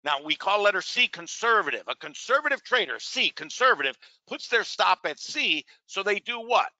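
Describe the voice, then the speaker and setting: A man's voice: high-pitched, sing-song, normal speed, pushed and bright, no echo. A man teaching trading on a live webinar. He talks with salesy energy, keeps asking rhetorical questions and calls his listeners "gang". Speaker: trading educator.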